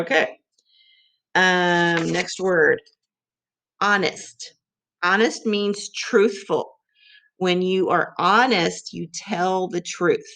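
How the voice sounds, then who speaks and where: A woman's voice: on the low side, a bit bright. A woman teacher giving a patient vocabulary lesson for young children, sounding out letters and clapping syllables.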